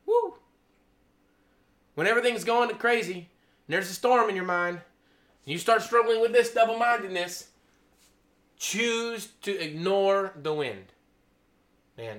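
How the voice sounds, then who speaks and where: A man preaching an informal sermon, excitable, laughing, then dropping to a hushed, awed tone. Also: high voice.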